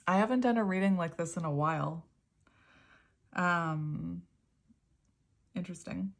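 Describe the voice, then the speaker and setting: A woman's voice: on the low side, measured pace, vocal fry, long pauses. A woman giving a casual tarot reading to her viewers, chatty and openly emotional, laughing often between her phrases. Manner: openly emotional, voice close to tears at times. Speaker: tarot reader.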